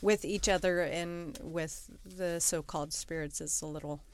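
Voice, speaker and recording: A woman's voice: low-pitched, fairly even intonation, a little slow, smooth. A woman hosting a paranormal podcast, chatting casually and often trailing off hesitantly. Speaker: podcast host and researcher. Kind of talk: casual chat.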